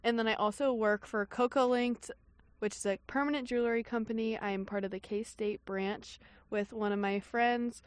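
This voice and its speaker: A woman's voice: fairly high pitch, steady tone, moderate pace, no room sound. A young woman co-hosting a campus radio show, bubbly and teasing in casual chat. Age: young adult.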